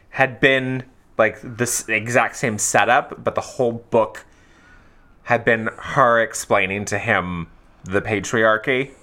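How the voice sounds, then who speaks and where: A podcast co-host in a casual book chat, animated and sarcastic. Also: mid-range voice. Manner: animated, sarcastic, acts out characters.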